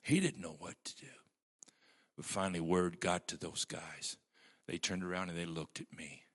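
A man's voice: low-pitched, steady tone, normal speed. A man preaching a sermon as pastor, telling stories with strong emphasis.

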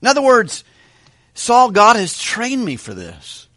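A man preaching a Bible study sermon with animated, questioning delivery in a church hall. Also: extremely high pitch, measured pace. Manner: animated, asks questions of the congregation. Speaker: pastor.

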